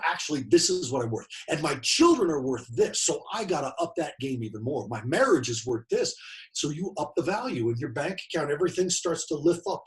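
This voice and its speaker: A man's voice: on the high side, poor audio. A man in his late forties giving a personal motivational talk, emphatic and fond of repeating key phrases. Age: late 40s. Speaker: motivational speaker.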